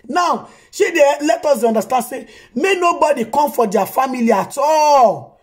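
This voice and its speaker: A woman with a Nigerian Pidgin accent gives casual commentary on her own vlog. Her voice is high, and she talks in an exclamatory way, rounding off her lines with emphatic tags. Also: lively intonation, moderate pace. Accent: Nigerian Pidgin English. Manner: exclamatory, ends phrases with "o". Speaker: vlog host reacting to news.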